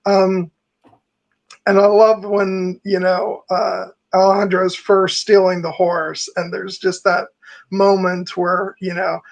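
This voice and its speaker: Podcast co-host, male, raspy fry, rambly and giggly. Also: sits high, level tone, takes it slowly, dull audio. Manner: rambling, laughs often. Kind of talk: casual film discussion.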